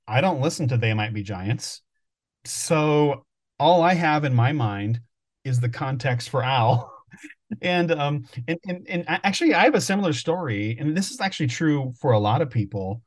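A man with a middle-pitched voice co-hosts a podcast, chatting casually and laughing often. He stumbles and restarts as he builds his points, keeping an easygoing tone. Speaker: podcast co-host. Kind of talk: casual chat.

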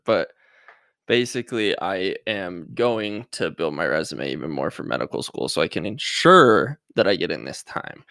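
A young man hosts a solo podcast in a low, gravelly voice, rambling and hesitant with lots of restarts. His pitch swings widely as he slips in self-mocking jokes and sounds a little nervous. The sound is dry and close. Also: very animated, moderate pace, pushed and bright, no room sound. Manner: self-mocking jokey asides. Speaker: podcast host. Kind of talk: casual solo podcast monologue.

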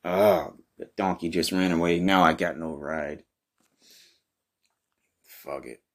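A man with a deep, low voice narrates his own comic misadventure in a brash, swaggering way. He swears constantly and flares up in shouting outrage. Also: fairly even intonation, slow pace. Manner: crude, profane, brash and swaggering. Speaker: comedy podcast host. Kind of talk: improvised first-person comic narration.

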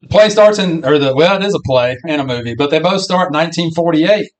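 Talking fast in a slightly high, animated voice, a podcast co-host chats casually about a film. He also acts out a few of its lines.

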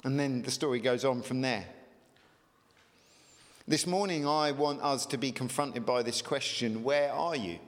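A man preaching a sermon as pastor, emphatic, with sudden rises in pitch. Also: measured pace, long pauses. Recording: long reverb of a large hall.

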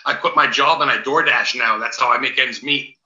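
A man, a paranormal investigator, chatting as a podcast guest, telling stories in an excitable, rambling way with casual swearing. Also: mid-range voice, fairly quick. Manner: excitable rambling storyteller, swears, calls host dude and big dog. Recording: roomy, dull lo-fi sound.

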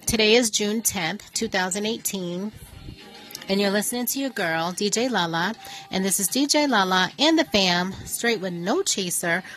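A woman hosting her own radio show, talking casually and joking through a playful, animated story. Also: medium pitch, moderate pace, soft background music. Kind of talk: casual chatty monologue. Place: New York.

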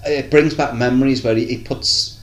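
A man's voice: mid-range voice, steady tone, normal speed. A man chatting casually as a podcast co-host, telling long stories and acting out what people said. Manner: rambling storyteller, acts out quotes in other voices. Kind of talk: casual chat. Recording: echoey room.

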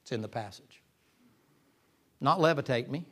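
A man preaching a sermon in a folksy way, swinging from loud passages to hushed whispers. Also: mid-range voice, a little slow. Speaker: pastor.

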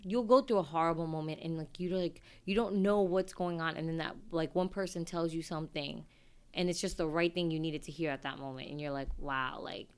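A woman on a podcast chats in a loose, rambling way, filling her sentences with "like". Her voice sits a little lower than most. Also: fairly even intonation, fairly quick, clean tone. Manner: rambling, heavy use of "like". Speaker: podcast co-host. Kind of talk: casual chat.

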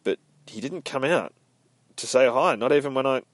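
A man's voice: mid-range voice, lively intonation, normal speed, no echo, pitched above the performer's own voice, close to an everyday voice. A man voicing a friendly, easygoing teenage boy in a casual, chatty way while reading a comic aloud. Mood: curious.

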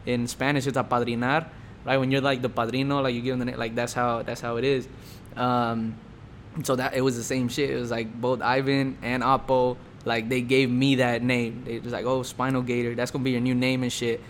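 A man's voice: mid-range voice, level tone, brisk, a little hiss or hum. Laid-back, swearing young man telling a story. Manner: laid-back, profane, full of fillers and quoted dialogue. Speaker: storyteller explaining his rap name. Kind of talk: casual storytelling monologue.

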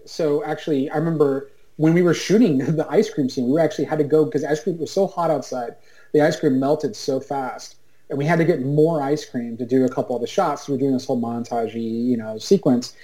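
A man with a mellow, relaxed voice talks casually as a guest on a video call. He rambles, circling back with fillers and restarts as his thoughts catch up. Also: fairly high pitch, a little fast, poor audio. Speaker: guest, writer. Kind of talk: casual chat.

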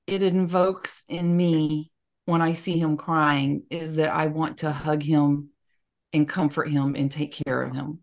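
A woman's voice: sits low, flat delivery, measured pace. A middle-aged woman co-hosting a podcast, telling personal stories in a frank, plainspoken way. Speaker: podcast co-host. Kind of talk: casual podcast chat.

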